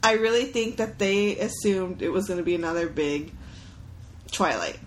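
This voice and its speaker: A woman's voice: fairly low pitch, a little hiss or hum, low-quality recording. A woman co-hosting a casual movie podcast, giggly and hyper, laughing through her lines. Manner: giggly, hyper, drawn-out delivery. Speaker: podcast co-host. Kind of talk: casual movie review chat.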